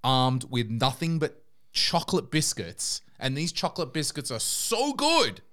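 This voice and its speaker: A man's voice: a little high, huge pitch swings, a little slow, sharp tone. A young Australian man with an Australian accent, co-hosting a podcast in casual chat, joking and swearing freely. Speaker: podcast co-host.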